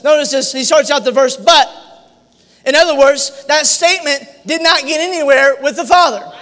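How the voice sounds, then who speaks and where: A male pastor preaching a sermon, emphatic, climbing into shouted repetitions. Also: very high-pitched. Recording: long hall reverb.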